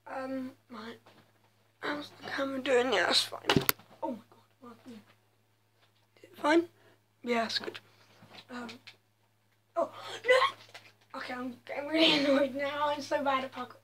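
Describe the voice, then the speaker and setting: Girl with a high voice doing chill game commentary, roasts herself, yelps a lot. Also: fairly even intonation, normal speed, pauses often, crowd noise. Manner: self-mocking, with sudden exclaimed outbursts. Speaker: gaming video host. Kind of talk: casual gameplay commentary.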